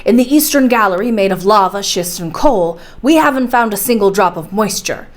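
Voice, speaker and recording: A woman voicing a stubborn, fearless older male professor in a storybook reading, speaking in a forceful, commanding way. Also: medium pitch, animated, lightly acted. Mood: persuasive. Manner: forceful and commanding, slowing to insist.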